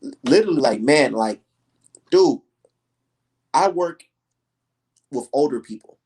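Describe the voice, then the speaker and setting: A young man hosting a casual livestream, telling stories in an emphatic, profane, animated way. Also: medium pitch, a little slow, husky. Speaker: livestream host.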